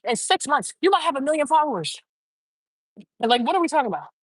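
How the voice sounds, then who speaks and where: A woman's voice: high-pitched, very animated, fast, no echo, rough recording. A woman hosting her own show, delivering an opinionated commentary monologue in a blunt, emphatic way, firing off rhetorical questions. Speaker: show host.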